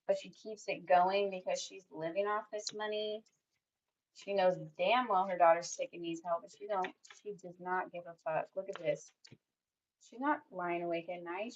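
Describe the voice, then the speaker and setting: In a lo-fi recording, a young tarot reader with a lowish voice does a reading for her audience. She's blunt, curses freely, and fills her speech with "like."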